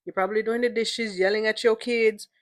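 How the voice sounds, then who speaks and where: A woman's voice: fairly high pitch, steady tone, a little fast. A young adult woman hosting her own podcast, chatty, playful and a little emotional, repeating words for emphasis. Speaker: podcast host. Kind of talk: casual solo podcast monologue.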